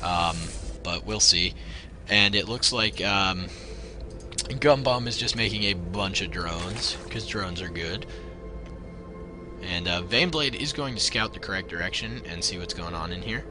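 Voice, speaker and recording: A man's voice: deep voice, measured pace, over music. A young man casting a live video game match, chatty and joking, with frequent ums. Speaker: esports caster. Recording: faint background noise.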